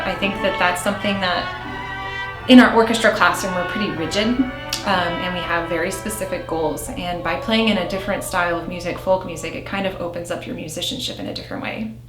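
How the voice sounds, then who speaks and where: A woman in her forties, an orchestra teacher, talking earnestly and chattily about a workshop. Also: fairly low pitch. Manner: earnest, chatty, with many um fillers. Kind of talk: interview reflection. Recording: roomy echo with faint music behind.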